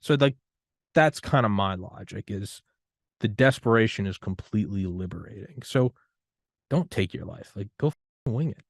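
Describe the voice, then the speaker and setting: A man hosting a podcast, talking in a loose, rambling way that turns loud and higher when he gets worked up. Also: animated, moderate pace, dry recording, studio quality. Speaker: podcast host. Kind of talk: casual conversation.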